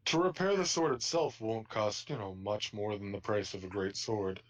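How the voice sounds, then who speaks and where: A man voicing a calm, polite warforged robot blacksmith in a tabletop game. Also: lowish voice, normal speed, natural voice. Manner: polite shopkeeper courtesy.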